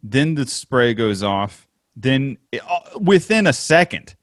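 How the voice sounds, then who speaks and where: A man's voice: mid-range voice, sing-song, slow, no echo, studio quality. A man chatting casually with friends, adding wry remarks. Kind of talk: casual chat.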